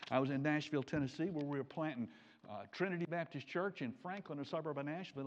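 Animated preacher man, dull lo-fi sound. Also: creaky. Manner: animated, swings from loud emphatic peaks to low quiet asides. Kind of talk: sermon. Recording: dull lo-fi recording.

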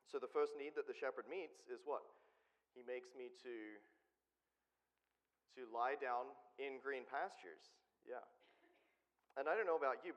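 A man preaching a conversational sermon, often asking the congregation questions. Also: medium pitch. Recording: dull sound with long hall reverb.

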